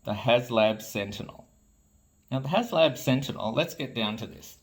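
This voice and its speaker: A man's voice: mid-range voice, animated, moderate pace, husky. An Australian man, a toy designer, ranting to camera in an exasperated, blunt way and swearing freely. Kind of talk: ranting vlog commentary.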